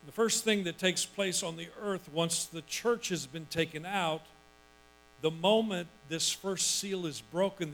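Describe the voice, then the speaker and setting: A male pastor preaching a sermon, reading scripture and breaking into loud, emphatic asides and acted-out quotes. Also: a little high, low-quality recording.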